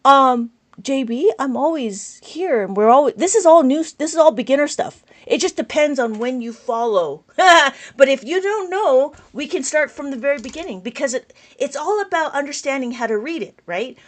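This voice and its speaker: Loud, high-voiced enthusiastic woman teacher. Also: expressive, moderate pace. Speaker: abacus teacher. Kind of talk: live-streamed lesson reading viewer comments.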